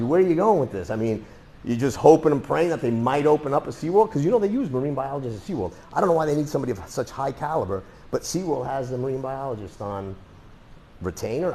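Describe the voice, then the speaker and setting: Man, self-defense instructor, casual live class, rambling, sarcastic, mid-pitched voice. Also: darkish tone.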